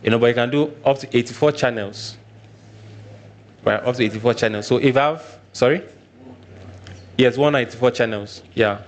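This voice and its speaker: A man's voice: mid-range voice, normal speed, long pauses. A Nigerian man presenting a live technical workshop, often repeating his points and checking in with "all right".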